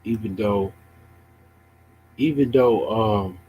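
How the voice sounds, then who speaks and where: A man talks on a livestream in a mocking, taunting way. His voice sits low, and he takes his time over his questions. A faint hum runs under the recording. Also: slow pace, muffled recording. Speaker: streamer. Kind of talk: casual livestream chat.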